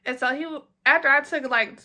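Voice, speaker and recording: A young woman tells a story in a lively way, dropping into quick voices for her friends. Her tone is bright and sharp. She speaks in a casual vlog style. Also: high voice. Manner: animated, acts out friends' lines in quick quoted voices. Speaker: vlogger.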